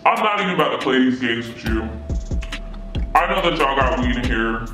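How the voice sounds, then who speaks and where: A woman voicing a stern male police officer, dropping her voice low and sounding curt and commanding. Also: lively intonation, brisk, reverberant, over music.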